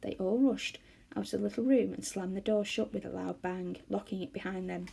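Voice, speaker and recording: A woman reading a children's novel aloud to schoolchildren, expressive and animated. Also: mid-range voice, fairly quick, gravelly, slightly rough. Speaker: storyteller for schoolchildren.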